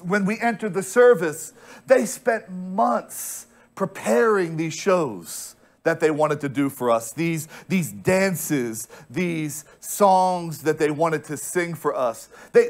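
An American pastor preaching with emphatic storytelling, his voice sitting fairly high for a man. He doubles back on words as he builds a point. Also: animated, takes it slowly. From United States. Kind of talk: sermon.

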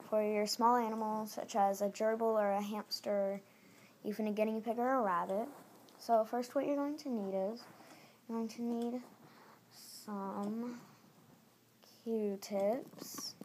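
A woman's voice: mid-range voice, darkish tone. A woman talking casually through a step-by-step craft tutorial at home, repeating each step as she goes. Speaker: DIY tutorial maker. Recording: noisy home recording.

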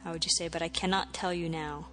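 A woman's voice: lowish voice, fairly even intonation, fast talker, music in the background. A woman teaching a Spanish lesson, patiently repeating phrases and spelling words out letter by letter. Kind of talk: language lesson.

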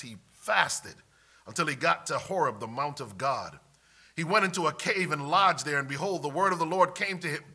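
Man preaching, high voice, very sharp bright tone, emphatic, loud then hushed. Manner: emphatic, swings from loud declarations to hushed asides; reads scripture in old-fashioned wording. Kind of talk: sermon.

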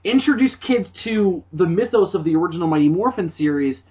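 A man co-hosting a podcast in casual chat, rambling and animated, restarting his sentences often. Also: high-pitched, a little fast, slightly rough. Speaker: podcast co-host. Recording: dull lo-fi sound.

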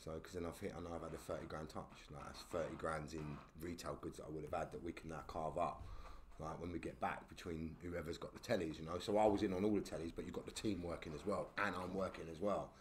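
Man, very deep voice, animated, slangy, casual storytelling, podcast guest. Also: fast, slight background noise. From England. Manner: animated, full of slang and "yeah?" tag questions.

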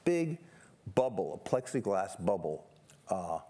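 A low-voiced older man from New York City shares his memories in an animated, self-mocking way. His sentences start and restart as he talks through a humorous stage conversation. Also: unhurried. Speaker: guest photographer on stage. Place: seminar stage before an audience.

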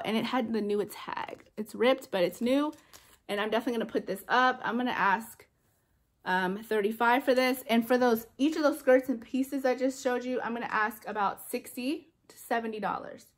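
A young adult woman chatting excitedly in a casual haul vlog, gushing over her finds. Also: fairly high pitch. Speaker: reseller vlogger.

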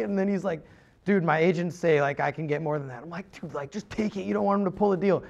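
A man in his thirties telling a rambling, animated story on a podcast, full of "like" and asides. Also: a little high, quick pace, gravelly, dull audio. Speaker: podcast host. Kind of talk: casual storytelling.

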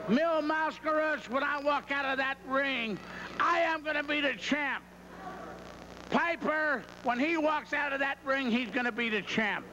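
A man trash-talking his opponents in a wrestling promo, brash and threatening. His voice is bright and very high-pitched. The sound is dull and muffled, with a faint hiss from old TV footage. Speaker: pro wrestler.

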